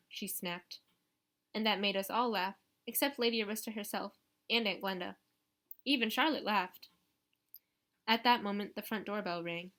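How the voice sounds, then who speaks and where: A woman's voice: medium pitch, moderate pace, long pauses, a bit bright. Woman reading an audiobook. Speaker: audiobook reader. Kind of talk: first-person audiobook narration.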